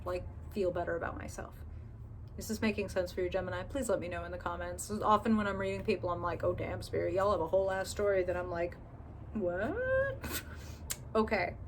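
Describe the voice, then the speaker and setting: A woman's voice: mid-range voice, a little hiss or hum. Chatty woman reading tarot, swearing freely. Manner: chatty, candid, swears freely, acts out inner voices. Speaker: tarot reader. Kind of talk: casual tarot reading to camera.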